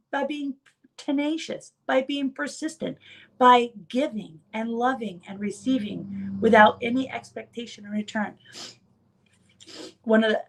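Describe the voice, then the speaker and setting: A woman chiropractor giving an earnest motivational talk to fellow chiropractors. She tells stories and repeats key phrases for emphasis. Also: a little high.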